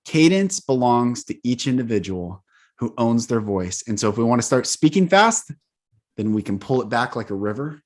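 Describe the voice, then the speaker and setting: A man's voice: mid-range voice, very animated, normal speed, darkish tone. A man hosting and coaching, talking emphatically and repeating key words as he lists them. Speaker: host, voice coach. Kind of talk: coaching conversation.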